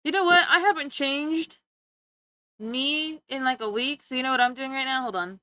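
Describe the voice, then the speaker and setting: A woman's voice: sits high, moderate pace, pushed and bright, no echo. A young woman streamer chatting playfully with her viewers, teasing and giggling as she talks. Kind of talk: casual chat with stream viewers.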